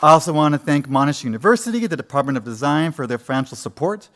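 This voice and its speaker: A man's voice: fairly high pitch, lively intonation, quick pace, a bit bright, slight background noise. A man opening a university conference in a lecture room, formally thanking sponsors and introducing the keynote speaker. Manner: formal, reads out a list of thanks.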